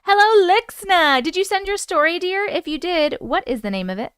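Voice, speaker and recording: High-voiced New York woman chatting. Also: very animated, fairly quick, fairly bright tone, no echo, studio quality. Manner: greets chatters by name, chatty and playful. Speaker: livestream host. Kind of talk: casual live-stream chat.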